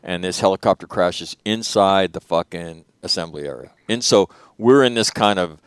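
A man's voice: low-pitched, normal speed, smooth, no echo. A middle-aged man, a former Marine commander and host, telling a story candidly in a panel conversation, profane and full of restarts, his voice rising when he gets angry.

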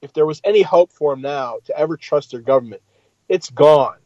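A man's voice: on the high side, brisk, dark tone, dry recording, highs cut off. A man and military veteran in a casual chat, blunt and emphatic, swearing at times. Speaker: podcast co-host, military veteran.

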